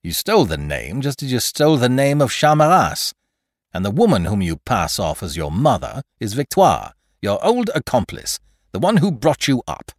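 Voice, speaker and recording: A man's voice: mid-range voice, sing-song, normal speed, dry recording, studio quality, voice pushed up. Man putting on a sneering, furious English detective. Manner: shouting, harsh.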